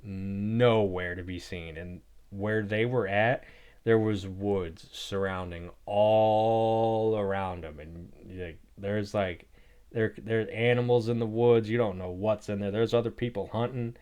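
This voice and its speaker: A man's voice: on the low side, fairly even intonation, measured pace, a little mellow, clean tone. A young man hosting his own podcast, telling a personal story in a loose, rambling way and saying "like" constantly. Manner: rambling, heavy use of "like". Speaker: podcast host. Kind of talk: casual storytelling.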